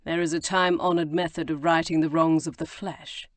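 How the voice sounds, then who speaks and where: A woman voices a level-headed gentleman with a dry, wry manner in an audiobook. The delivery stays low-pitched and even, close on the mic in a dead, dry room. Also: no room sound, close to an everyday voice. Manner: dry, measured.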